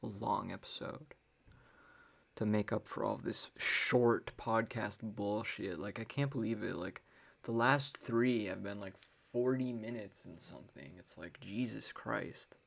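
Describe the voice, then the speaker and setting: A woman's voice: extremely low pitch, unhurried, creaky, breathy edge. A young woman hosting her own podcast, talking casually on her own in a ranting, profane way with wry laughs. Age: young adult. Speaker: podcast host. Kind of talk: casual solo podcast monologue.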